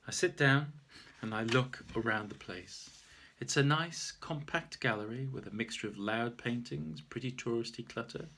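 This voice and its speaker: A man's voice: mid-range voice, normal speed, gravelly, sharp tone, a little hiss or hum. A man reading his own story aloud in a wry, self-mocking way. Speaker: author reading his memoir.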